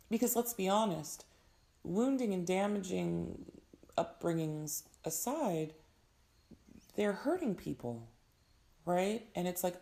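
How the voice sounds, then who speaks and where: A young woman with a hoarse voice giving an earnest, advising tarot reading in casual talk. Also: fairly low pitch, warm tone. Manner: earnest, advising, frequent fillers. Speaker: tarot reader.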